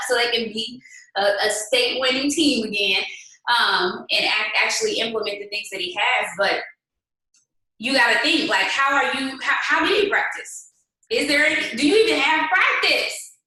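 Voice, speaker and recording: A woman leading her sales team in a motivational talk, firing off rhetorical questions in a lively, conversational way. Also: medium pitch. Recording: very echoey room, distant mic.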